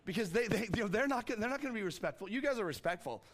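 Animated man preaching a sermon. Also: rapid-fire. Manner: animated, acts out quotes with jumps in pitch; restarts and repeats words often. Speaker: pastor.

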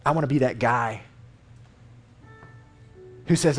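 A man preaching a sermon in a conversational, emphatic way, reading Scripture aloud with animated inflection. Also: medium pitch, slow, pauses often, soft background music. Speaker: lay preacher. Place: church.

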